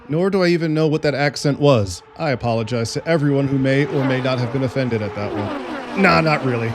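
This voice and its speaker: A man's voice: mid-range voice, fairly quick. A man doing sim racing play-by-play commentary with jokey, sarcastic asides. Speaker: race commentator. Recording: loud race engine noise. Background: race car engine noise.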